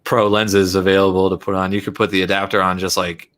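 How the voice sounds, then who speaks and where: A man with a very deep voice talking camera gear over a video call. He explains his reasoning at length in a calm, conversational way, like a knowledgeable shop employee. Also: brisk.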